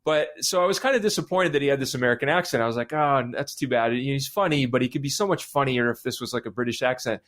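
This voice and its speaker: Male panelist, mid-pitched, chatty, dramatizes his own thoughts. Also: quick pace, few pauses. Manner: animated storytelling, acts out his own reactions. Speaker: podcast panelist. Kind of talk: casual panel discussion.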